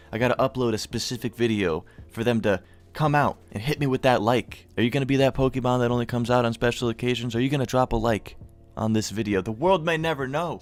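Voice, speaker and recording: A young man telling a storytime in a loose, casual way, with plenty of swearing and stoner slang. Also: medium pitch. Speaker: vlogger.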